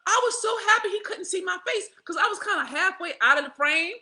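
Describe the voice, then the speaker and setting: A woman, telling a candid personal story to her viewers in a profane, animated way, laughing often. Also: extremely high pitch, a little fast, few pauses. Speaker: vlogger.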